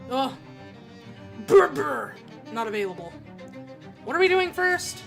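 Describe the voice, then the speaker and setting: A woman streamer playing a game, reading its text aloud in a chatty, giggly, halting way. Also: high-pitched, very animated, vocal fry, soft background music.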